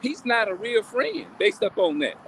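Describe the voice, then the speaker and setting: A man with a high, bright voice holds forth on a live stream. He rambles, repeats himself and keeps turning questions back on his listeners, with faint street noise in the background. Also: big pitch swings, moderate pace. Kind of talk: casual live-stream talk. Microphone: phone or webcam on a live stream.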